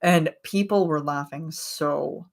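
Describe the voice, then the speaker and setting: A woman of twenty-eight hosts a casual livestream and talks straight to her chat. Her voice sits low for a woman. She rambles and trails off, with lots of "um" and "like" as she goes. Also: slow, vocal fry. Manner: rambling and chatty, with frequent fillers and laughs. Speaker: livestream host.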